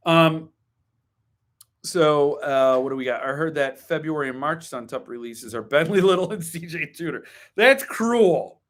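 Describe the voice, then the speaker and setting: This is a man with a slightly high-pitched voice, hosting a casual live stream about books. He chats loosely, full of ums and side remarks. He readily slides into opinionated, wryly grumpy rants. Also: a little slow, a bit bright. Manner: opinionated, wry grumbling rants; chatty, digresses with ums and asides. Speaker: host.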